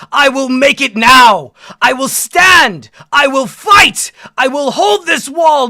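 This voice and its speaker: A woman voicing a male angelic warrior prince with a slow, heavy, yelling battle speech, raised in pitch. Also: gravelly, exaggerated voice.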